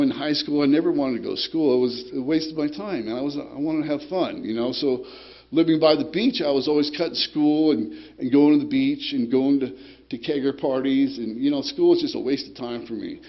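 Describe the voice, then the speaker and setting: A man with a gravelly, mid-range voice tells his recovery story at a group meeting, rambling in a streetwise way. He swears and keeps asking "you know, right?" The recording sounds muffled.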